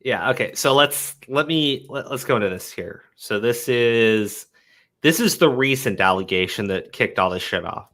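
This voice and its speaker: A man's voice: medium pitch, expressive, moderate pace, pushed and bright. A man hosting a commentary stream, talking heatedly, swearing often and repeating words as he goes. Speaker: commentary show host. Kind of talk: casual commentary chat.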